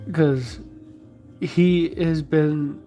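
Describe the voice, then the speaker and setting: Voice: mid-range voice, darkish tone. A vlogger chatting casually while sculpting, rambling and joking with lots of fillers. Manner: rambling and jokey, many fillers.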